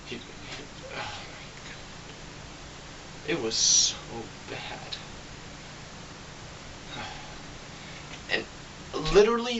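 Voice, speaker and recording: A man giving a casual film review, exasperated and sarcastic, acting out reactions with sudden jumps in pitch. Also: far from the mic, background noise. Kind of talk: casual movie review rant.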